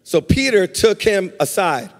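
A man pastor preaching a live sermon in a church, animated, with a sing-song cadence and acted-out quotes. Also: high voice, measured pace, in a large hall. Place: church sanctuary.

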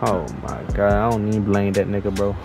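A young man giving slangy, excitable trash-talk commentary over his own basketball video game play. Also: lowish voice, fairly quick, creaky, over music, low-quality recording. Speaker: gaming YouTuber. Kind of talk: live gameplay commentary.

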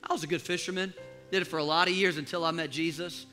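A weary, discouraged fisherman, a grown man talking plainly and low about going back to his old trade, as a preacher puts him on in a sermon. The voice is bright and sharp-toned, pitched high for a man. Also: steady tone, quick pace, faint music behind. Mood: downcast. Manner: plain, downcast, folksy.

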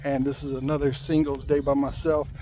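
A worn-out man rants into his phone from inside a delivery van, short of breath and cursing. His voice stays flat and monotone even as he complains. The hum of the vehicle runs steadily behind him. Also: medium pitch, brisk. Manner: frustrated, ranting, swearing, repeats himself. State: out of breath and sweaty. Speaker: delivery driver. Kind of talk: venting to camera.

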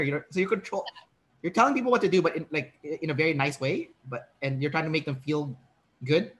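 A man's voice: on the high side, quick pace, a bit bright. A man hosting a casual interview as a personality trainer, explaining ideas and acting out short example lines.

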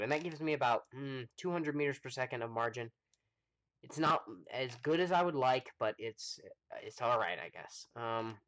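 Streaming live, a man talks over his gameplay in a mid-range voice with a slightly bright tone, musing aloud full of ums while answering his chat.

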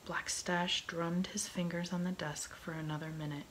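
A woman reading a children's novel aloud in a slow, soft whisper as a whispered role-play. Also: lowish voice, flat delivery, noisy background. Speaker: ASMR reader.

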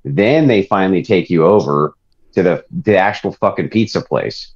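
A man's voice: deep voice, lively intonation, normal speed, darkish tone, dull audio. A man from Ireland hosting a podcast, ranting and joking in a profane, exasperated, mocking way. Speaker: show host.

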